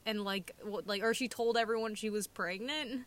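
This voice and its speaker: A woman's voice: medium pitch, moderate pace, fairly bright tone, slight background noise. A teenage girl co-hosting a casual podcast, teasing and giggly. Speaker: podcast co-host. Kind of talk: casual chat.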